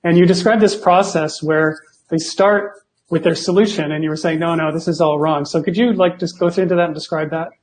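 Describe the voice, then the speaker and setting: A man's voice: on the high side, steady tone, a little fast, slight background noise. A man hosting an interview, asking casual questions and giving brief friendly affirmations. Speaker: interview host.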